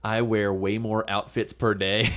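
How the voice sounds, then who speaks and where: A man in his thirties hosting a casual podcast, joking in lively banter. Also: on the low side, unhurried. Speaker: podcast host.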